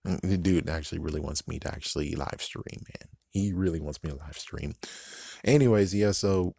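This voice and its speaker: A man's voice: deep voice, moderate pace, gravelly, dark tone, husky. An American man giving a rambling, profane casual commentary on a TV episode, often laughing and correcting himself. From United States. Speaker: YouTube commentator.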